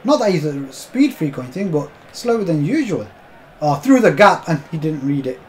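A young man commentating his own football video game match, swearing often and bursting into shouts at the game. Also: on the high side, big pitch swings, normal speed, slight background noise. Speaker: gaming YouTuber. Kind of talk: live gameplay commentary.

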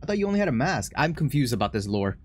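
A man streaming a horror game, joking, excitable and laughing often. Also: mid-range voice, rapid-fire. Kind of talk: horror game let's play commentary.

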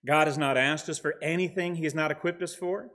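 A middle-aged pastor preaching to his church with an earnest, steady delivery. His voice sits a little high for a man, and he reads scripture aloud with care, with a hint of dry humor. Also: brisk. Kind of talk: sermon.

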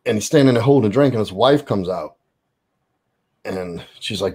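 Profane storytelling man, animated. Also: fairly low pitch, moderate pace, husky. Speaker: guest. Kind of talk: casual chat.

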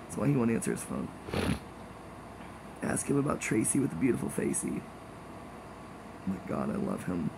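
A man's voice: lowish voice, very animated, normal speed, gravelly, long pauses, background noise. A man in a rambling, casual monologue, jokey and gossipy with meandering asides.

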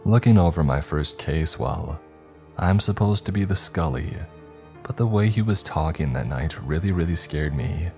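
A man narrating a horror story in a measured, grave storytelling manner. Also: extremely low pitch, animated, vocal fry, a little mellow, faint music behind.

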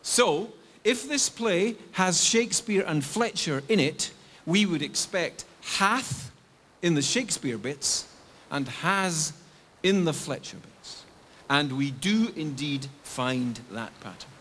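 A man's voice: fairly high pitch, expressive, takes it slowly, a bit bright. An older man from England giving a public university lecture, explaining step by step and answering his own questions. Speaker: guest lecturer.

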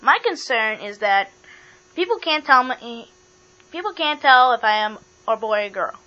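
A woman voicing a chubby love frog toy who talks slowly and muses about itself. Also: on the high side, lively intonation, bright, forceful tone. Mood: musing. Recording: dull lo-fi with mains hum.

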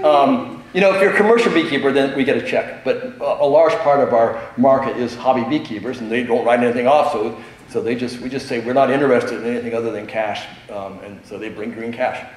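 A man's voice: mid-range voice, a little fast. A middle-aged man giving a talk at a convention, a chatty storyteller who laughs often and fills gaps with um and uh. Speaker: convention speaker. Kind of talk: conference talk with anecdotes. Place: large convention hall. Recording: echoey hall with strong reverb.

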